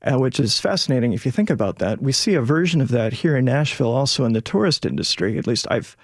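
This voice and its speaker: A man with a gravelly, creaky voice, speaking close and dry in a radio studio. He explains things in a measured, lecturing way as an expert guest. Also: mid-range voice, animated, dry recording. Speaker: sociolinguist guest. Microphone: studio mic.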